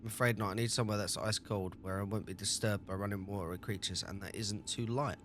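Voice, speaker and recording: An age-old sorcerer creature from a fantasy game, tired of battle and speaking with stiff formality, as a man reads its lines. The voice sits low, with quiet music underneath. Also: fairly even intonation, quick pace, natural voice. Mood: fussy. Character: ancient weary male demon-like sorcerer, formal.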